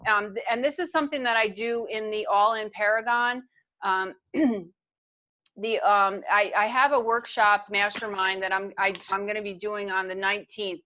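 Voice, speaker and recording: A woman's mid-range voice, pushed and bright, comes at normal speed with fairly even intonation. She is a guest speaker and trainer teaching casually on a video call, earnest in tone, conversational, often restarting and repeating herself.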